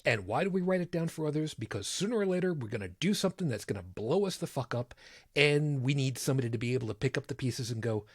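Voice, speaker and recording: A man talking bluntly in a casual podcast chat, emphatic and quick to swear. His voice has a husky edge and sits at an ordinary pitch. The sound is dry and close. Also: lively intonation, dry recording. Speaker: podcast co-host.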